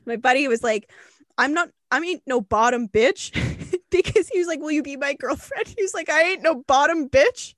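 A young woman co-hosting a podcast, telling a story in a casual, animated way, laughing and swearing often. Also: high voice, normal speed, no echo. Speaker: podcast co-host.

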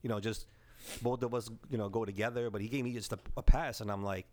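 A man in his forties from the Bronx with a New York accent, excitedly telling stories in casual chat. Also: fairly low pitch, fast. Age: 40s. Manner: excitable storyteller, says bro and man, mild swearing. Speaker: podcast co-host.

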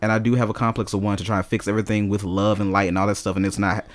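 Animated storyteller man, low voice. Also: very fast. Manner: animated storyteller, swears freely. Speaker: podcast co-host. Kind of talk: casual chat.

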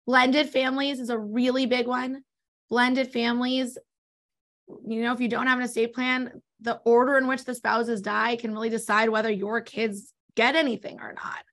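A woman with a Californian accent talks quickly as an interview guest. She explains legal planning in a casual, rapid way. Her voice sits a little high. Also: flat delivery, fairly bright tone. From born in New York, raised in Los Angeles. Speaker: guest, estate planning attorney.

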